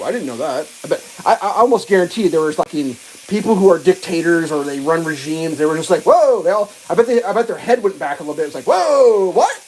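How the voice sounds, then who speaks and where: A woman's voice: on the low side, darkish tone, a little hiss or hum, low-quality recording. A woman hosting a livestream, ranting casually with profanity, many restarts and exasperated asides. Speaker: livestream host.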